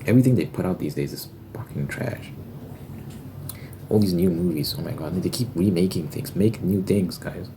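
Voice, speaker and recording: A young man with an extremely deep, low voice rambles loosely in a casual ASMR chat, dropping the occasional swear word. Clear noise sits under the recording, with tapping and shuffled cards behind him. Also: expressive, moderate pace. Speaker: ASMR creator. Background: tapping and card shuffling noise.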